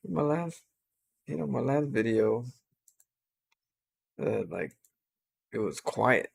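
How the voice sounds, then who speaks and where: A man's voice: medium pitch, animated, slow, creaky, long pauses, darkish tone, breathy edge, dry recording. A tired, yawning man who streams and casts games, talking to his viewers in loose, rambling, unscripted commentary. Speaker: game streamer and caster. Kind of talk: casual game commentary.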